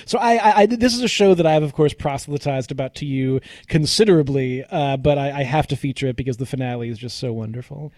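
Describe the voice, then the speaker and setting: A man's voice: medium pitch, fast talker, hardly any pauses, darkish tone, no room sound. A man co-hosting a casual TV chat, earnest and enthusiastic, often restarting his sentences. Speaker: podcast co-host.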